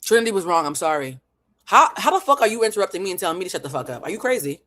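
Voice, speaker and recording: A woman's voice: on the low side, sing-song, very fast, a bit bright. A woman hosts a live stream and picks apart what she has watched. She talks in an analytical, emphatic way and swears freely as she makes her case. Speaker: host.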